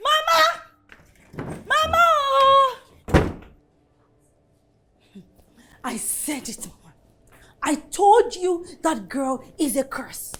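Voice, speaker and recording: An actress with a Nigerian accent playing a loud, accusing young woman in a Nollywood film. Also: very high-pitched.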